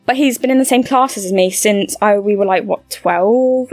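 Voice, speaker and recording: A woman's voice: mid-range voice, a little fast, hardly any pauses, a little mellow, no room sound, faint music behind. A young woman telling a rambling personal story in a casual vlog, with many fillers and restarts. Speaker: vlogger.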